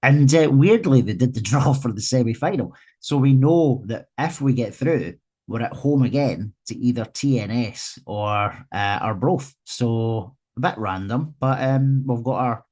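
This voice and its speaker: A man's voice: mid-range voice, a little slow, dark tone. A Scottish man co-hosting a casual football podcast, telling anecdotes in an easygoing way. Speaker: podcast co-host.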